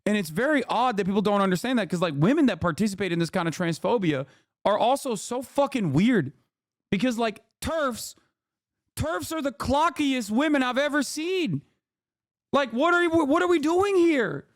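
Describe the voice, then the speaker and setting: Profane ranting streamer man, high voice. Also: lively intonation, normal speed, no echo, clean studio sound. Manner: profane, shouting, mocking. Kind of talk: heated reaction rant.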